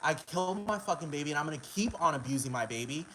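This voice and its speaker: A brash woman streamer brags in a flat, defiant tone, as a man quotes her in his own slightly high voice. A faint hiss sits behind the vlog recording. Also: quick pace, low-quality recording.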